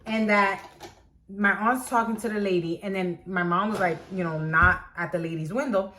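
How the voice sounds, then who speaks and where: A woman's voice: medium pitch, fairly even intonation, moderate pace, sharp tone, a little hiss or hum. A woman telling a personal story to her channel in a casual, chatty way full of "like". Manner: chatty, heavy on "like" and filler. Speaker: vlogger.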